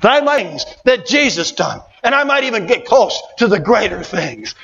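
Male preacher, high voice, fervent, colloquial, repeats lines, long hall echo, muffled sound. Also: sing-song, moderate pace, gravelly. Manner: fervent, repetitive, colloquial preaching with sudden shouts. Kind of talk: sermon.

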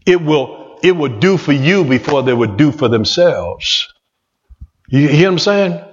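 A man's voice: fairly high pitch, lively intonation, unhurried. A man preaching a sermon in a church, folksy and repetitive, talking straight to the congregation. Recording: muffled echoey church hall recording.

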